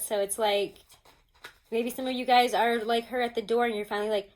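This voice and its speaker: A woman's voice: on the high side, fairly even intonation, a little fast, a little hiss or hum, low-quality recording. A woman giving a casual tarot reading at home, talking chattily to her viewers with many fillers. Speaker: tarot reader. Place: home with pets nearby.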